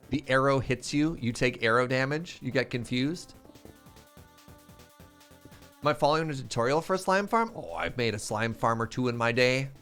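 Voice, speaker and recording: A man's voice: medium pitch, a bit bright. A man chatting casually on a live stream while gaming, answering chat questions, telling stories and laughing often. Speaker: streamer playing a modded block-building game.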